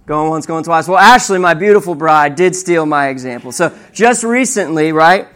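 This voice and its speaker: Speaking at a normal speed in a slightly high voice, this young man delivers a sermon like a chat. He animates his stories and often asks the audience "right?"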